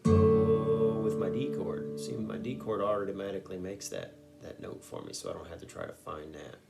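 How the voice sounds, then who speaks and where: A man's voice: low-pitched, a little fast, vocal fry. A man teaching a guitar song note by note, patiently walking through each finger move and sometimes singing a lyric. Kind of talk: step-by-step guitar lesson.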